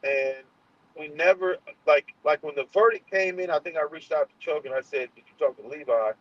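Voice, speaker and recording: A man's voice: fairly high pitch, normal speed. A man hosting a casual livestream, heated and profane, often restarting his sentences. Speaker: channel host. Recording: muffled lo-fi sound.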